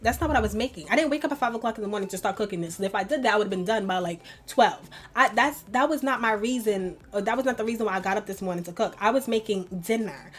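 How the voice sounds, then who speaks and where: A woman's voice: mid-range voice, fast talker, few pauses. A young woman chatting and venting while doing her makeup at home, rambling with many fillers. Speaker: beauty vlogger. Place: home bedroom at a vanity.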